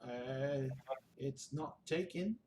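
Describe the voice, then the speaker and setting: A wary Warforged at a tavern table in a tabletop game, terse and hesitant, speaking low and quiet, as a man puts him on. He answers in few words. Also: very slow, a little hiss or hum. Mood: guarded. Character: wary male Warforged patron, guarded and terse.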